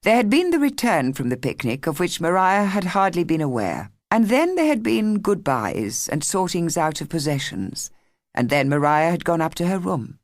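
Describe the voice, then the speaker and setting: This woman's voice sits on the low side as she narrates a scripted audiobook with measured, expressive storytelling. The studio sound is clean, with no echo.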